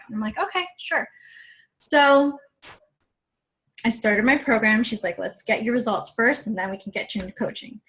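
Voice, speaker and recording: Young woman, fitness coach, chatty, earnest, higher voice, personal story on a live video. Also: normal speed, pauses often, fairly bright tone. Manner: chatty and earnest, acts out her own quotes.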